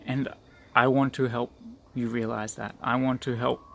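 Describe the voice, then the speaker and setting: A man's voice: medium pitch, little pitch movement, moderate pace, creaky, a little hiss or hum. A man giving an earnest motivational talk to his group, repeating phrases for emphasis. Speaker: group leader.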